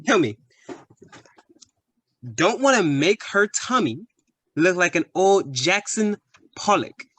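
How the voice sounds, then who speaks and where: A man's voice: high voice, very animated, slow pace, a bit bright, no room sound, exaggerated voice. A man playing a crude, pushy young British bloke with a British accent who is boastful and full of slang. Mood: leering. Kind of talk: comedy sketch acting.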